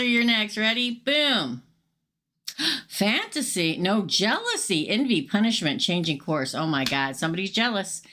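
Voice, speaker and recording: Chatty woman with lively pitch. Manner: chatty, upfront, talks straight to viewers and reads chat aloud. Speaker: tarot reader hosting a livestream. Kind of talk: casual live tarot reading.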